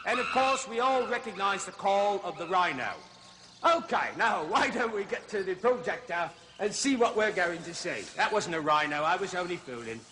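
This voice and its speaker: A man's voice: sits high, lively intonation, normal speed, background noise. An actor playing a chattering, chuckling male zookeeper who hosts zoo films, a little out of breath, in a TV comedy sketch. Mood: chummy. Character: jolly blustering male zookeeper safari host. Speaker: zoo film host.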